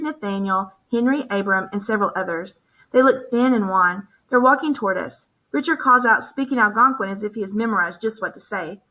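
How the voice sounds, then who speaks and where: A woman narrating a novel in the first person as an audiobook narrator, in a steady, measured storytelling voice. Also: on the high side, rough recording.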